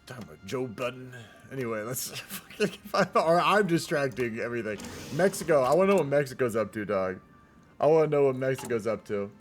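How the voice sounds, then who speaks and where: A man's voice: mid-range voice, lively intonation, brisk, soft background music. Laid-back rambling male game streamer. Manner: rambling, laid-back, swears often, trails off into asides. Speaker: streamer casting a multiplayer strategy game. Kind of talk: casual live-stream commentary.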